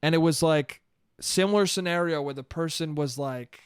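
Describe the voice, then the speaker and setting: A man's voice: fairly high pitch, moderate pace, clean tone, dry recording, clean studio sound. Rambling, swearing man on a solo podcast. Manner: rambling, swearing, self-deprecating, laughs a lot. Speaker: podcast host. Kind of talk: casual solo podcast monologue.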